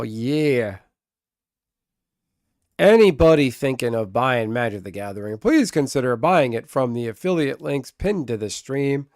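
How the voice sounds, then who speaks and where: Excitable male game streamer. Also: mid-range voice, dry recording, studio quality. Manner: excitable, chatty, swears freely. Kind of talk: casual live-stream gaming commentary.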